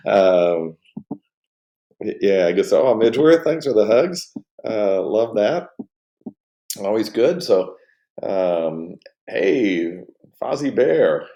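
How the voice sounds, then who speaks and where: Low gravelly man chatting on stream. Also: warm tone, echoey room. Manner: rambling, halting, greets chat viewers by name. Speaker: livestream host. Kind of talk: casual livestream chat.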